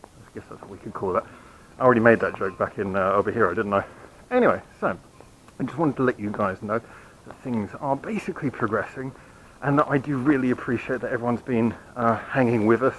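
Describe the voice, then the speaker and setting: Hiccuping now and then, a man gives his channel a rambling, self-mocking, apologetic update as he walks a quiet city street outdoors at night, filming handheld. His medium-pitched voice is brisk and a bit bright, and the rough recording carries a little hiss or hum.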